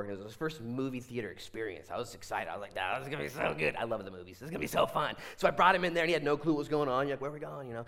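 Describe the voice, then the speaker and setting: A man in his thirties, a pastor preaching a sermon in a church, animated, swinging between loud exclamations and hushed asides. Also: mid-range voice. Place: church sanctuary.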